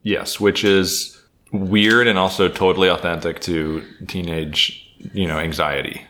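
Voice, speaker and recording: A man's voice: low voice, measured pace, slight background noise. A man co-hosting a book podcast, chatting casually and asking questions about the story. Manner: relaxed, asks questions, drops into mumbled asides. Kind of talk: casual chat.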